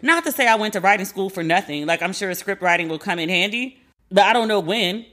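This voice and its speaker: A woman in her forties hosting a podcast, chatting casually and animatedly, slangy, acting out quoted people in a higher voice. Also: lively intonation, fairly quick, fairly bright tone. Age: 40s. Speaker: podcast host. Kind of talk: casual chat.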